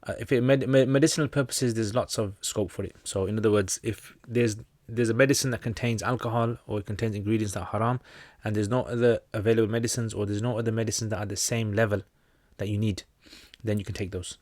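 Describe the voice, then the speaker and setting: A man's voice: lowish voice, fairly even intonation, fast, few pauses, a little mellow, no echo. Chatty British man on a livestream. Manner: chatty, joking, loose with many fillers. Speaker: Islamic teacher answering viewer questions. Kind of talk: casual livestream Q&A.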